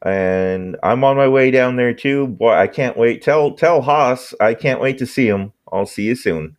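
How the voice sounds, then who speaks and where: A man's voice: mid-range voice, unhurried, lightly acted. A man voicing a friendly, eager alien made of slimy goo. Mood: chummy.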